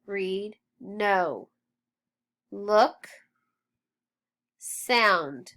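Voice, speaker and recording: A woman leads a phonics lesson at a very slow, deliberate pace, stretching out each word. Her pitch sits in a middle range, and she sounds patient and encouraging as she spells out letters and sounds. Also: sharp tone. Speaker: phonics teacher.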